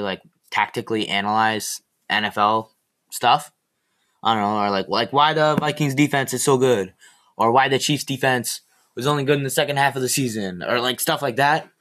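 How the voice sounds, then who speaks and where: A teenage boy hosts his own podcast, rambling casually from one rant to the next. His voice sits at an ordinary mid pitch, and his delivery is animated, sarcastic and quick to get exasperated. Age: teen. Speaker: podcast host.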